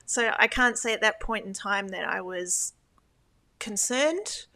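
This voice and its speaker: A woman's voice: medium pitch, expressive, a little slow, pushed and bright. A middle-aged woman, a former church elder, recalling her past in a reflective, hesitant way with many restarts. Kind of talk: interview.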